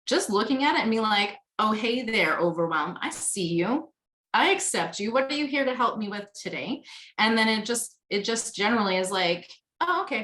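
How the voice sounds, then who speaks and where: A woman with a somewhat low voice joins a video call conversation as a guest. She talks candidly and at length, circling back on her thoughts. She drops in casual swearing. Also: fairly bright tone, low-quality recording.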